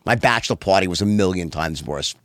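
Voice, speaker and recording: A man telling wild stories in casual chat, profane and animated, often acting out quotes in a high voice. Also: brisk, no room sound, clean studio sound. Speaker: podcast guest.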